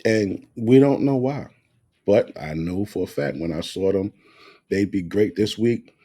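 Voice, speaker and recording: Profane, animated man ranting. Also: fairly low pitch, a little slow. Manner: blunt, profane, animated rants. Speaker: podcast co-host. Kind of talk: casual profane chat.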